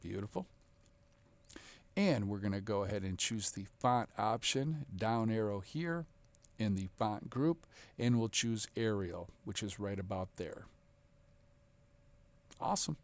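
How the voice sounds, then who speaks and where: A man instructor giving an upbeat, encouraging, step-by-step software walkthrough. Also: on the low side, expressive, measured pace. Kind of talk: screen-recorded software walkthrough.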